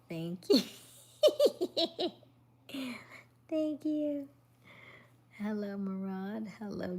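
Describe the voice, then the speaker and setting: A woman hosting a relaxed live chat, talking softly and often dropping to a near whisper as she greets viewers one by one. Her voice sits somewhat low and has a husky, breathy edge. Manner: soft-spoken, often half-whispered, greeting viewers by name. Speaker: livestream host. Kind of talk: casual live chat reading viewer comments.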